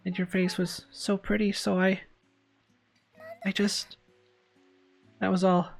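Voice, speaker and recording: A woman's voice: mid-range voice, little pitch movement, slow pace, creaky, soft background music, voice pushed up. A woman voicing a shy, flustered schoolgirl in love, stammering and apologetic as she reads a yuri story aloud in character.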